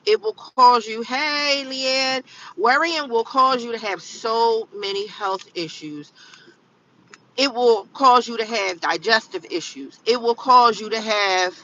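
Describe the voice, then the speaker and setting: A woman's voice: on the high side, takes it slowly, sharp tone, far from the mic, dull audio, a little hiss or hum. A tired woman in her fifties, live-streaming from her car on the way to work and chatting casually as she repeats her phrases over and over. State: tired and yawning. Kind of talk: casual live-stream chat while driving. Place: inside a car on the road.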